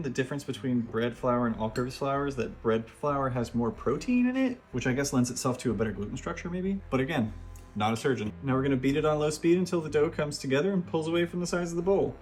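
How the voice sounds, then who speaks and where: A man's voice: medium pitch, darkish tone. A man hosting a casual home cooking vlog from his kitchen, narrating each step with wry, self-deprecating jokes. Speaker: home cooking show host.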